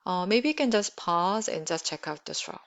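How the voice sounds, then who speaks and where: A woman's voice: on the low side, animated, normal speed. A woman teaching pronunciation, patiently repeating syllables for practice. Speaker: Korean language teacher. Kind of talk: pronunciation lesson.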